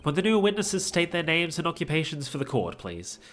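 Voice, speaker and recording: A man voicing a stern, aristocratic male prosecutor in a low, clipped, voice. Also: sing-song, fairly quick, fairly bright tone. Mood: cold.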